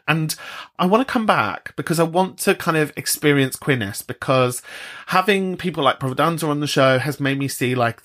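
A British man hosting a podcast, chatting casually and swearing freely, often jumping into high mocking voices. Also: a bit bright. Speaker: podcast host. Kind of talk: casual chat.

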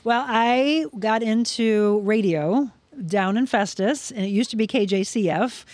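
A woman's voice: a little high, measured pace, dry recording. A middle-aged woman from Missouri, a broadcaster, telling her career story in a casual interview and acting out the people in it. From Missouri, USA. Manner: animated, acts out voices in her stories. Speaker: guest, broadcaster.

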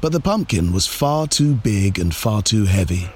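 A man reading a children's story aloud, slow and expressive, drawing out repeated words. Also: fairly low pitch, slight background noise.

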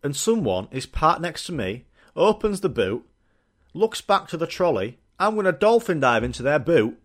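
A man's voice: on the high side, very animated, moderate pace. A young man hosting a podcast, rambling through a sweary, jokey comic monologue. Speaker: podcast host. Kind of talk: casual comedic monologue.

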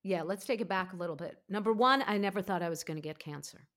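A woman in her fifties, a podcast host, telling her own story in a candid, emphatic, animated way. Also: fairly low pitch, fast talker. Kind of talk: candid conversational interview.

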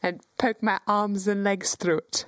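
A woman's voice: mid-range voice, steady tone, measured pace, a bit bright, no echo. A woman playing a tabletop game, rambling hesitantly and amused with herself. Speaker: player. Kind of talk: casual tabletop play.

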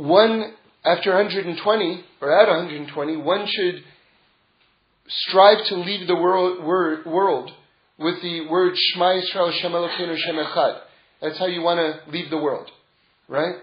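A man giving an informal religious lecture as a Torah teacher, telling stories in a rambling way and chuckling often. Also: a little high. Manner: digressive storytelling with frequent chuckles. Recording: roomy, dull lo-fi sound.

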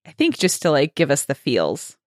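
A woman's voice: low-pitched, huge pitch swings, moderate pace, dry recording, studio quality. A woman co-hosting a podcast, recapping a TV episode in casual chat, swearing freely and quoting characters in funny voices. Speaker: podcast co-host.

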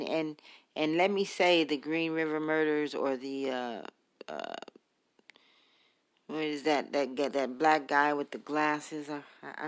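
A man talks straight into his podcast, slow and unhurried, tripping over fillers and repeated words. His tone is blunt and heated, like an unscripted rant. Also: medium pitch, a bit bright, smooth. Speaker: podcast host. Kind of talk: casual rambling monologue.

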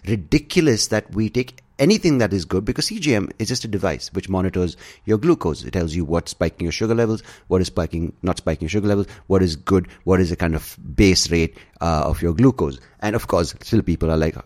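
A man's voice: deep voice, brisk, few pauses. A man hosting a show, delivering a sarcastic, profane, casual rant. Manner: sarcastic, profane, animated ranting. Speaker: podcast host. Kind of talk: casual ranting monologue.

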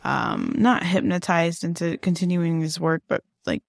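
A gravelly, creaky voice of middle pitch talks in a laid-back, relaxed way. This co-host is chatting on a casual podcast, recorded dry and close to the mic. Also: a little slow, no room sound. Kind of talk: casual conspiracy podcast chat.

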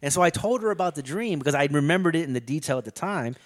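A man's voice: on the high side, expressive, rapid-fire. Middle-aged guy rambling thru a story, swears a lot, lots of likes and you knows. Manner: loose, profane storytelling with many fillers. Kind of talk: casual chat.

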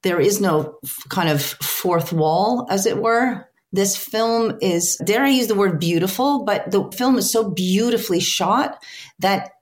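A woman who works as a film translator, talking as an interview guest in an earnest, reflective way, often pausing to search for words. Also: mid-range voice.

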